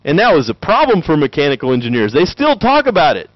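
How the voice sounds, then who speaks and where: Animated joking man, lively pitch. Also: no room sound, dull audio. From Tennessee. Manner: animated, joking, acts out quick voices. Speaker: lecturer. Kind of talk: lively conference talk.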